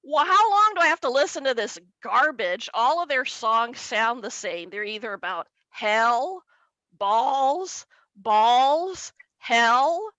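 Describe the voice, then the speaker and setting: A woman voicing her gruff, prudish older father, a former Marine, with blustering, scolding delivery. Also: a little high, animated, slow pace, bright, forceful tone, no room sound, highs cut off, exaggerated voice.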